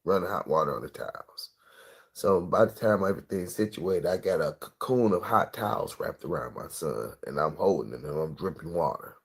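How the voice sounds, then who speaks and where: Deep husky man telling a wild story. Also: moderate pace. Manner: animated, profane storytelling with acted-out quotes. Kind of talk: casual storytelling.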